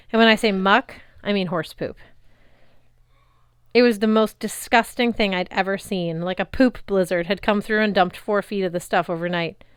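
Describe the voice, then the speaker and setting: A woman reading a novel chapter aloud in a lively, expressive narrating voice on a close mic. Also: medium pitch, clean tone, dry recording. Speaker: reader. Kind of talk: audiobook narration.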